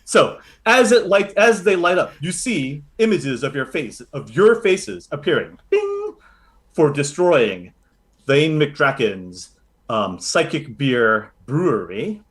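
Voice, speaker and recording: A man narrating a tabletop role-playing game as game master, telling the story in a lively way with many fillers. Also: on the high side, takes it slowly.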